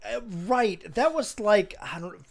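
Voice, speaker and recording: A man's voice: high voice, lively intonation, measured pace, gravelly. A man co-hosting a movie commentary podcast, talking in casual chat with lots of fillers. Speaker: podcast co-host.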